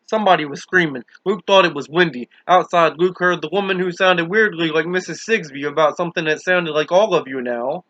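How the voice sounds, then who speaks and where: A man reading a novel aloud in a steady, earnest, dramatic audiobook narration, on a dull, dry, lo-fi recording. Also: on the high side, no room sound. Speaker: audiobook reader.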